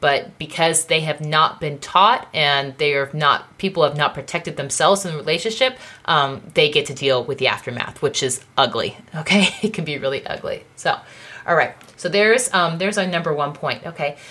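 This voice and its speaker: A woman in her thirties with a low voice gives a casual teaching talk on contracts for small businesses. She is chatty and keeps checking in with her listener by asking "okay?" after each point. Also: normal speed, bright, forceful tone. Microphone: phone.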